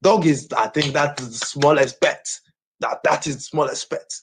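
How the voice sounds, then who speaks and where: A man's voice: on the high side, normal speed, a little hiss or hum. A man from Nigeria, talking on a live stream in a boastful way and repeating his words again and again. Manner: boastful, repeats himself over and over.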